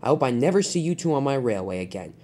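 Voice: mid-range voice, sing-song, fast talker, mellow, a little hiss or hum, natural voice. A young storyteller voicing a firm, severe railway controller in a toy-train story. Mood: stern. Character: stern railway boss, a portly controller.

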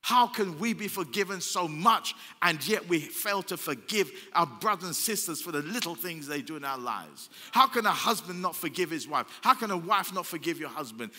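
A man's voice: high voice, sharp tone. An older man preaching a sermon as pastor, emphatic and repetitive, asking the crowd rhetorical questions. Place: church hall. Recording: long church hall reverb.

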